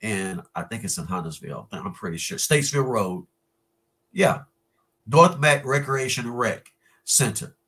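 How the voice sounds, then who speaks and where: A man, chatting as a guest in an interview, relaxed and pausing with fillers. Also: lowish voice, slightly rough. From North Carolina, USA. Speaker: guest musician. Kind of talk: casual interview chat.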